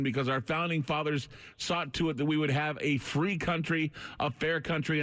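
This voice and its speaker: A man's voice: on the high side, fairly bright tone, dry recording. A man hosting a talk radio show, speaking in an earnest, preaching manner into a close studio microphone. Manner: earnest, preaching delivery, briefly choked up. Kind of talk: late-night talk radio.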